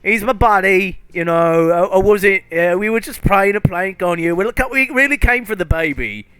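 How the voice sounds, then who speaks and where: Puck, a man doing a loud cheeky fairy. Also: high voice, expressive, normal speed, clear, resonant tone, no room sound, pitched above the performer's own voice. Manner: chatty, loud, breezy. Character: lanky orange-haired male fairy, cheeky prankster.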